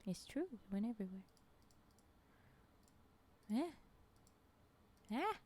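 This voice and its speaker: A woman streamer chatting casually with her viewers while playing a game. She laughs often, is playful, and drops into quiet muttering and half-whispers while she concentrates. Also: a little high, big pitch swings, slow pace. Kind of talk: casual chat while gaming.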